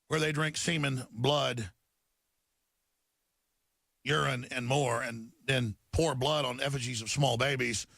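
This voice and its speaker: Hosting a talk radio show, a man reads headlines in an agitated, ranting rush and trips over repeated words. His slightly high voice is pushed and bright with a gravelly edge, recorded dry and close with no echo.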